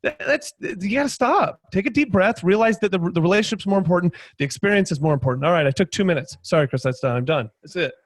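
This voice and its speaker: Man, high voice, dry close sound, energetic storyteller who acts out dialogue and keeps restarting his sentences. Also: fast talker, hardly any pauses, no echo. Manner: lively, acts out both sides of dialogue, many restarts. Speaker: guest panelist, sales trainer. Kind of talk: animated storytelling on a video panel.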